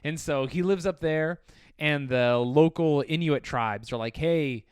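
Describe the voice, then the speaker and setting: A man co-hosting a podcast, telling an animated, profane story in casual chat. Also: on the high side, unhurried, clear, resonant tone, dry recording, studio quality. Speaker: podcast co-host.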